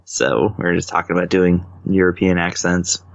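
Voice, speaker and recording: Low-voiced rambling man on a podcast. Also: steady tone, normal speed, creaky, no echo, muffled recording. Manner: rambling, full of ums and uhs. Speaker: podcast guest. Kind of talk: casual chat.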